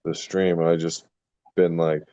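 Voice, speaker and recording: A man's voice: low voice, level tone, takes it slowly, warm tone, no echo, dull audio. A man telling rambling stories on a casual stream call, laughing as he goes. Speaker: guest on a stream. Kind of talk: casual storytelling chat.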